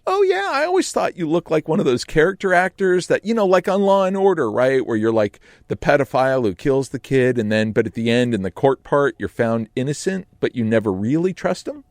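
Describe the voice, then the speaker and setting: A blunt, chatty woman friend who rambles on offhandedly, as a man puts her on in a radio studio. The voice is pitched well above his own and lively, with a gravelly grain. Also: a little fast, few pauses, no room sound. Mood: offhand.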